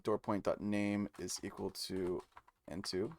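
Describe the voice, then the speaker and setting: A man streaming live, reading code aloud and musing to chat with many pauses and fillers. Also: on the low side, little pitch movement. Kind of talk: casual live-stream chat while coding.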